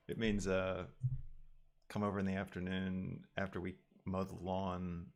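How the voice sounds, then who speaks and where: Low, gravelly male streamer who muses and stalls while he works; casual, unpolished delivery. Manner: thinking aloud, halting with ums and restarts. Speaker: 3D artist livestreaming his work. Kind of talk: casual livestream talk while working.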